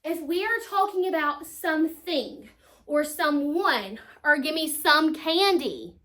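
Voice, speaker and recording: A woman teacher, slowly sounding out spelling words for children. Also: sits high, animated, a bit bright. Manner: slow, deliberate sounding-out of words.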